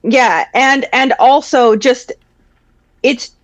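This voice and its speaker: A woman in casual podcast chat, talking in a halting way with many restarts. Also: high-pitched, fairly even intonation, lo-fi sound.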